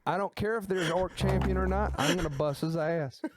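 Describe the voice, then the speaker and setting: A man's voice: a little high, brisk, noisy background, pitched above the performer's own voice, lightly acted. A man putting on a boisterous old Texas farmer. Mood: rowdy.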